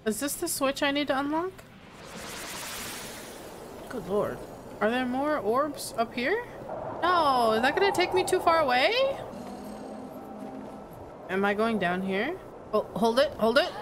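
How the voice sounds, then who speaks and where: A young woman playing a video game and chatting casually as she goes, excitable and giggly. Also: high voice. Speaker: gaming streamer. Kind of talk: casual let's-play commentary.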